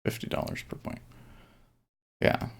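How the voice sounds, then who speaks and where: A man casually thinking aloud as he day-trades on a live stream, talking in fits and starts. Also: unhurried. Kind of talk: casual live-stream commentary while trading.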